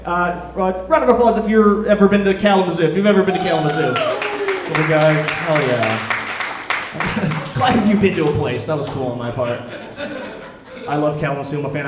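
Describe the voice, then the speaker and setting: A man's voice: on the high side, a little hiss or hum. Rambling young man doing stand-up. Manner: self-deprecating, rambling, with hesitant fillers. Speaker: stand-up comedian. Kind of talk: stand-up comedy set. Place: comedy club stage. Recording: roomy club, from far off the mic.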